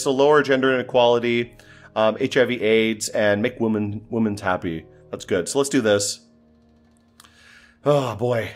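A man's voice: medium pitch, a bit bright. A man giving casual, exasperated gameplay commentary, talking to himself and swearing as things go wrong. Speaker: gaming commentator.

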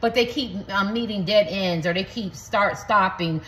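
A woman's voice: mid-range voice, moderate pace, fairly bright tone, slight background noise. A woman giving a rambling, blunt reading to her viewers in a casual, repetitive way, swearing now and then. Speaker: tarot reader. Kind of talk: casual spoken reading to camera.

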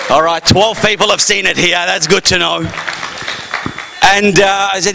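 A comedian MC on a festival stage, playful and self-mocking as he works the room. His voice sits high and bright, swinging widely in pitch, with an audience faintly audible behind him. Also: animated, normal speed, creaky, some chatter behind. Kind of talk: live stand-up hosting. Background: audience faintly heard.

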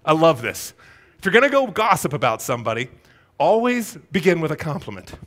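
Male pastor, sermon delivery, conversational and theatrical, voice rising high and swooping widely. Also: fairly quick. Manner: animated storytelling, acts out Bible characters' voices; conversational, rhetorical questions to the congregation.

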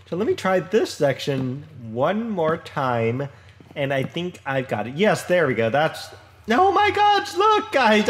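Chatty man narrating his gameplay. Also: fairly high pitch. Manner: chatty, rambling, self-deprecating, frequent fillers and restarts. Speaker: Minecraft let's play host. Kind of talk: casual gameplay commentary.

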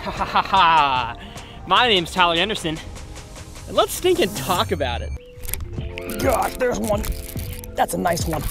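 A man's voice: high voice, animated, measured pace, creaky, pauses often, sharp tone, soft background music. A young man narrating his own fishing trip outdoors on a river, exclaiming and repeating phrases as he goes. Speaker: fishing vlogger. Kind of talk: excited fishing vlog commentary.

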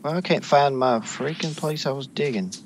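A man in casual gaming chat with friends, excitable and quick to swear and laugh. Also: mid-range voice, a little hiss or hum. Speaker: gamer.

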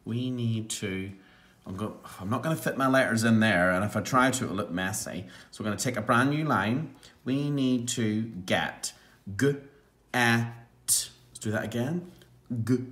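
A man teaching a phonics lesson to young children, encouraging them and sounding out words clearly. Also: mid-range voice, a bit bright.

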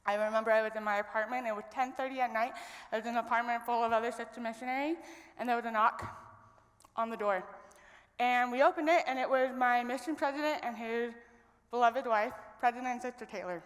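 A young woman from Idaho telling an earnest, reflective personal story as a guest speaker on stage. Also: a little high. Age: young adult. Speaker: guest speaker at a women's event. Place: stage in a large hall. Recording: long reverb of a large hall.

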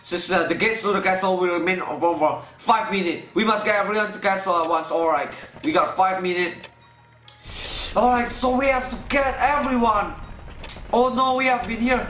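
A man hosting a let's play, excitable and swearing constantly, with loud panicked outbursts. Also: high-pitched, normal speed. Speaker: gaming channel host. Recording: roomy room sound with faint game music. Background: faint game music.

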